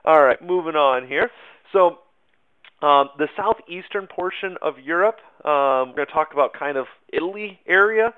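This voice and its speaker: A man with a fairly high voice teaches a history lesson in a loose, conversational way, full of fillers, asides and little jokes. The sound is narrow and thin, like it is coming through a phone line. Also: lively intonation, normal speed, clean tone. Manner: informal, chatty, many fillers and asides. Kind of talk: casual recorded history lecture.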